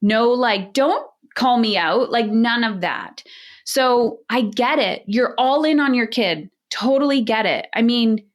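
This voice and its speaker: A woman's voice: fairly high pitch, measured pace. A woman parenting coach in a podcast interview, talking in a direct, emphatic coaching manner.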